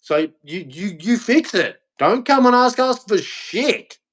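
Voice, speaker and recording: A man's voice: sits high, big pitch swings, slow, fairly bright tone, slightly rough. A man with an Australian accent, ranting bluntly and angrily to camera in a profane vlog monologue. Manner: blunt, angry and profane, with heavy emphasis. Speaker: vlogger.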